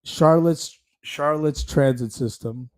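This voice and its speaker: Slow and on the high side with a darkish tone, a man hosts his own commentary show as a casual stream. He rants bluntly and hotly, repeatedly restarting sentences and leaning on fillers.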